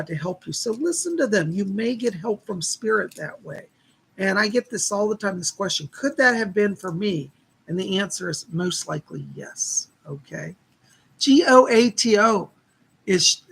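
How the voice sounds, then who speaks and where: A man chats casually to viewers on a live stream in a folksy, friendly way, greeting people by name. His voice has a gravelly fry and sounds husky and strained, as if worn out from talking. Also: sits high, sharp tone. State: strained, tired voice. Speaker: psychic reader hosting a live stream.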